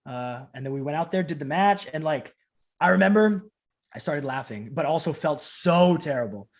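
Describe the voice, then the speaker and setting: A man talking casually as an interview guest, telling an animated story with lots of "like" and acting out what people said. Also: a little high, normal speed. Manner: animated, acts out the voices of people in his stories, fills in with "like". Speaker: professional wrestler, interview guest.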